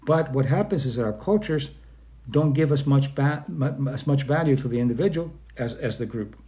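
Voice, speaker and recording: A man from Spain speaking informally about self-esteem, often acting out quoted people in quick voice changes, with plenty of fillers and restarts. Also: mid-range voice, expressive, warm tone. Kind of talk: informal talk to an online audience.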